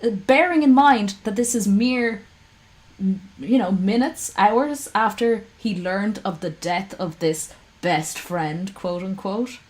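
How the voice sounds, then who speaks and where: A woman's voice: mid-range voice, slow pace, a little mellow, low-quality recording. A woman streamer giving casual reaction commentary to her chat, heated and ranting, swearing freely.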